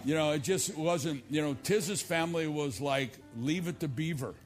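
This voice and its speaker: A middle-aged male pastor preaching a televised church sermon, telling stories and moving from loud, emphatic lines to low, quiet asides. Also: moderate pace, soft background music. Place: church service filmed for television.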